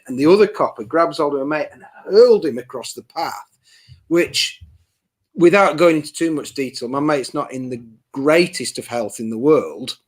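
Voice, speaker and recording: A man's voice: medium pitch, brisk. A man chatting on a podcast, telling a story animatedly and acting out what people said. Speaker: podcast co-host. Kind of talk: casual podcast chat.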